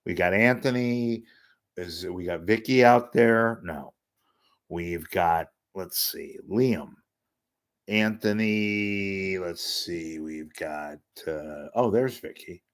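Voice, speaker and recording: Brief: older male host, very low voice, blunt, chatty, unprepared and self-mocking. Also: takes it slowly. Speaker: host of an online talk show. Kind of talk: unscripted solo talk reading viewer messages.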